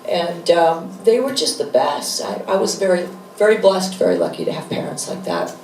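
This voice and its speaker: A woman in her fifties tells lively, laughing stories in a lowish voice as the guest of an onstage interview. She sits a little off the mic, so the room rings around her. A faint hum of the venue stays underneath. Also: normal speed. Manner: animated, laughing storyteller. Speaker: guest, author and rock musician. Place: bar venue with live audience. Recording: echoey room, mic from a distance.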